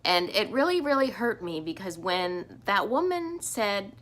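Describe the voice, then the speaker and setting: A woman shares her feelings in a personal vlog, earnest and openly emotional. Her voice sits in an ordinary middle pitch for a woman, and her talk is plain and sincere. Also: big pitch swings, unhurried, a bit bright. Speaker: vlogger.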